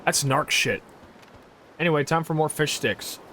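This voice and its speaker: A woman's voice: low voice, moderate pace, a bit bright. A woman livestreaming a game who talks loosely and profanely, stumbling through fillers and restarts as she answers chat. Her casual chatter runs between reactions to what happens on screen, with faint noise in the background. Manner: rambling, profane, full of fillers and laughs. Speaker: game streamer.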